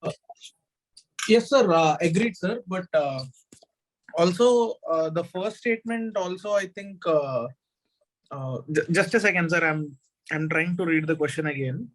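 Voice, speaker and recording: A man's voice: a little high, a little slow, poor audio. A man, a student in an online exam coaching class. He answers hesitantly and breaks off often to restart. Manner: hesitant, full of fillers and restarts.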